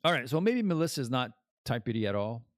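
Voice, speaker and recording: A man's voice: medium pitch, sing-song, fast, no room sound, studio quality. A man hosting a podcast as a casual live stream, rambling and joking as he chats. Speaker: podcast host.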